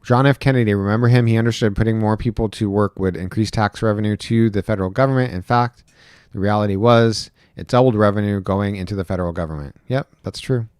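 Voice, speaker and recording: Rambling lowish-voiced man on a livestream. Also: fast talker, a little mellow, clear, resonant tone, dry recording, clean studio sound. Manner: rambling, chatty, reads chat aloud. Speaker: livestream host, rideshare driver. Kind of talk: casual livestream chat. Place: indoor home room. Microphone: close desk microphone.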